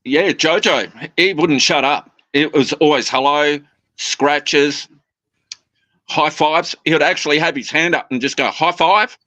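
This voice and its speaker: A man chats casually into his phone, rambling and restarting and copying his birds' little phrases. His voice is bright and forward, recorded dry and close. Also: on the high side, measured pace, no room sound. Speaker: guest parrot keeper. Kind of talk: casual chat.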